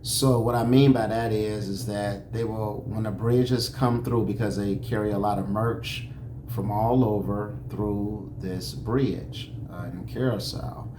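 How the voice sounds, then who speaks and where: A man's voice: lowish voice, steady tone, measured pace. A laid-back man from Chicago co-hosting a travel vlog, rambling casually about the trip. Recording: roomy echo with background noise.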